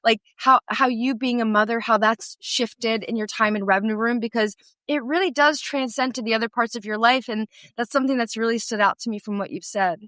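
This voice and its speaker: A woman's voice: on the high side, steady tone, fairly quick, few pauses, fairly bright tone, no room sound, studio quality. Encouraging woman podcast host. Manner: affirming, encouraging, frequent agreement. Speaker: podcast host, sales coach. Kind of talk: interview hosting.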